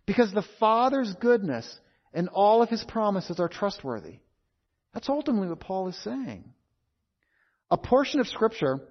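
Male preacher, high-pitched, deliberate emphatic delivery; muffled lo-fi recording. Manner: measured, emphatic, repeats key phrases. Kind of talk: expository sermon. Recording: dull lo-fi sound.

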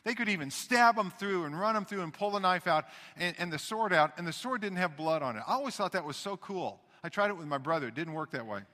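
A man preaching a sermon as pastor, talking conversationally and swinging between loud emphasis and hushed asides. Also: sits high, animated, quick pace, hardly any pauses, long reverb tail.

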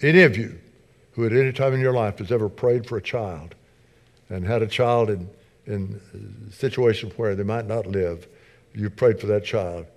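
A middle-aged man preaching a sermon as pastor, earnest, repeating his phrases and building in intensity, softer when he prays. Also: on the low side. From United States. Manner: soft, subdued when praying.

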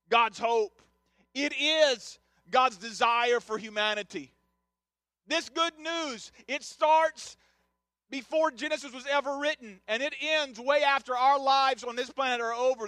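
A middle-aged man preaching an impassioned sermon, building to shouted, repeated phrases. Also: very high-pitched, dry recording. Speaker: pastor. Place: church sanctuary.

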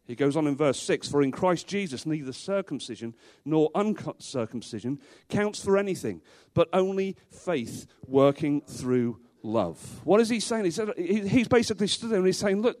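High-voiced man preaching emphatically. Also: lively intonation, moderate pace, few pauses, a little mellow. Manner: emphatic, repeats rhetorical questions. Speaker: pastor. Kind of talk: sermon. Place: church, before a congregation.

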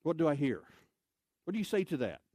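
A man preaching a sermon in a church, telling stories with lively, animated delivery and loud bursts of emphasis. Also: a little high, a little fast, husky, no room sound. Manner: animated storytelling, acts out voices, shouts for emphasis. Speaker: pastor. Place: church sanctuary.

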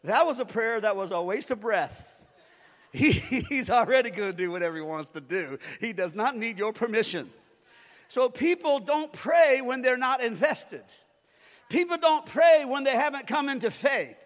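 High-voiced joking preacher in a reverberant hall. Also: male voice, animated, moderate pace. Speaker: pastor. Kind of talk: sermon. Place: church sanctuary. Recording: long reverb of a large hall.

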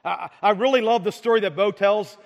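A man's voice: high voice, brisk, gravelly. A male pastor preaching a sermon, with many stammering restarts and rhetorical questions to the congregation. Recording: long hall reverb.

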